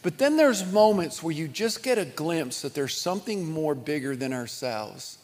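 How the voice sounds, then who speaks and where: A middle-aged man preaching a sermon, telling stories in a conversational, animated way with chuckles and restarts. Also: a little high, moderate pace, long reverb tail. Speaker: pastor.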